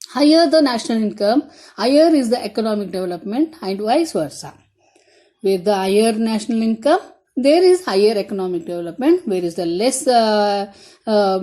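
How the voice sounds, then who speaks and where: A woman with a warm, mellow tone and a fairly high pitch lectures a class. She repeats her key points and turns to her students to stress what matters. English is not her first language; she grew up speaking Tamil. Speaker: teacher.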